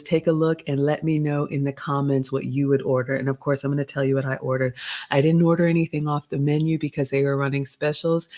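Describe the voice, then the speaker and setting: Slightly raspy chatty woman. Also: low-pitched, mellow. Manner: chatty, gives etiquette tips, addresses viewers as y'all. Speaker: host of a live stream reviewing a restaurant menu. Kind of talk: casual live-stream chat.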